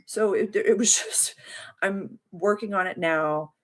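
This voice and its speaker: A woman's voice: mid-range voice, slow pace. A woman hosting a live call as a spiritual coach, telling a story in a heartfelt, rambling, emotional way and thanking her viewers. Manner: addresses viewers by name and thanks them warmly. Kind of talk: casual livestream chat.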